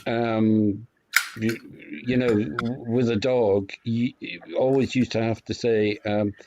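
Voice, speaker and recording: A man's voice: medium pitch, fairly even intonation, takes it slowly. Man, hesitant casual chat, muffled sound, faint background hiss. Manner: hesitant, filler-heavy.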